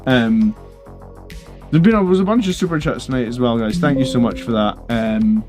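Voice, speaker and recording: A tired man chats loosely to his stream audience, circling back with fillers and restarts. His voice sits at a middle pitch, and faint music plays quietly in the background. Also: moderate pace. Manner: rambling, filler-heavy, relaxed. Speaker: hobby channel host. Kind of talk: casual livestream chat.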